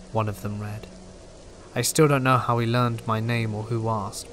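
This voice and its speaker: A man narrates scary stories in a slow, hushed voice. His pitch sits in the middle range. Soft rain patters faintly behind him. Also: a little hiss or hum. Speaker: horror story narrator. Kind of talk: scripted narration. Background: steady rain.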